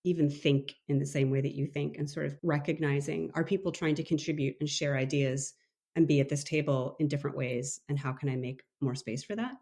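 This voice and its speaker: A middle-aged woman from Maine chats on a podcast with a somewhat low voice. She is animated, acts out quoted lines in little voices, and laughs often. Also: brisk. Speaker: co-author and leadership coach. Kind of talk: conversational podcast interview.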